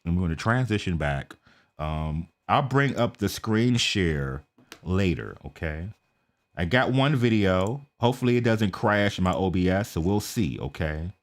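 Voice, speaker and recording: An American man giving casual, talkative commentary on a live stream. He keeps checking in with "okay?" and mutters quietly to himself while he sets things up. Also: sits low, expressive, a little slow. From United States. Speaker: reaction video streamer.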